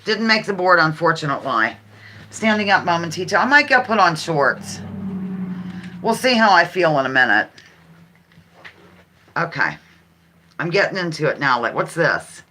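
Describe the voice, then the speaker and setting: A woman's voice: fairly low pitch, expressive, normal speed, pauses often, pushed and bright, slight background noise. A woman hosting a casual live-stream game, chatting and reading out viewers' answers with frequent giggles. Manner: chatty, giggly, reads viewer comments aloud. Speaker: livestream host.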